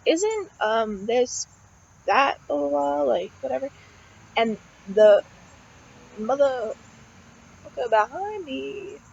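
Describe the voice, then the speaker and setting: A woman's voice: medium pitch, darkish tone, highs cut off, slight background noise. A young woman, a college student, talking casually and venting in a rambling way, swearing often and filling her speech with "like" and "um". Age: young adult. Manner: rambling, swears often, heavy use of "like" and fillers.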